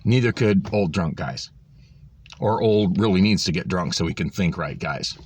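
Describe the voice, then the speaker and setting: A man's voice: deep voice, animated, normal speed, a little hiss or hum. A man recording a vlog on his phone, exasperated and sarcastic as he rants about a store visit, swearing freely. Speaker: vlogger. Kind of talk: ranting vlog storytelling.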